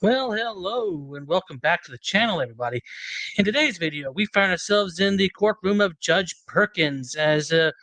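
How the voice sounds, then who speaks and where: A man narrates the opening of a commentary video with wry, understated humor. He drifts through small fillers as he goes. His voice sits a bit high, and the sound is close and dry. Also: lively intonation, fairly quick, bright, forceful tone, no echo, rough recording.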